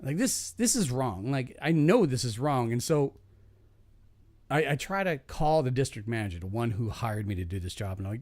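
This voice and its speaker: Animated man telling rambling work stories. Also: mid-range voice, normal speed, no room sound. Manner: rambling, profane anecdote-telling with frequent restarts; laughs at his own stories. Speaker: podcast chat guest. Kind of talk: casual chat storytelling.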